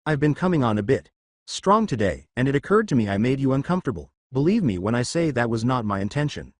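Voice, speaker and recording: A confident teenage girl who teases bluntly, voiced by a male narrator. The delivery swings up and down in pitch, and the recording is close and dry. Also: very animated, fast talker, dry recording. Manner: teasing, blunt. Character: confident teenage girl hero student, teasing.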